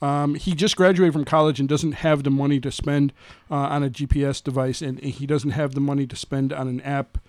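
A man co-hosting a casual podcast, reading listener emails aloud in a halting way with fillers and chuckles. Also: medium pitch, flat delivery, darkish tone, no echo. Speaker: podcast co-host.

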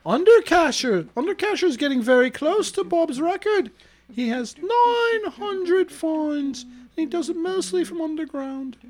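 A woman's voice: very high voice, animated, unhurried. A woman hosting a podcast, reading listener milestones in a chatty, easily amused way. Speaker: podcast host. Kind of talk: casual podcast announcements.

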